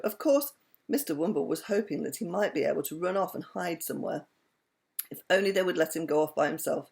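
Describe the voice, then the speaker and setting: A woman giving an expressive reading of a children's story. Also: on the low side, fairly quick, creaky. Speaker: storybook reader.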